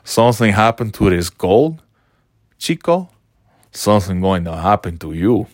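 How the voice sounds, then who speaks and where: A man's voice: lowish voice, sing-song, unhurried. A man putting on a cocky, swaggering wrestler tough-guy character, talking in a taunting street-tough drawl.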